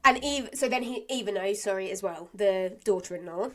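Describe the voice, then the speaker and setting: A woman's voice: mid-range voice, a little fast, a bit bright. A woman co-hosting a podcast, chatting casually as she recaps a soap, laughing often and acting out characters' lines. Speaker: podcast co-host.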